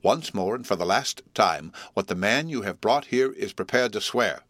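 Stern, curt lawyer voiced by a man, low-pitched and dry, storybook reading. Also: expressive, brisk, fairly bright tone, no room sound. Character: stern, domineering male lawyer, irate.

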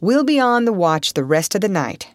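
A woman voicing a confident young man who speaks in a lower, reassuring voice in a storybook reading. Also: very animated, normal speed, no echo, studio quality, lightly acted. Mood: steady. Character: confident, steady young man, camera operator.

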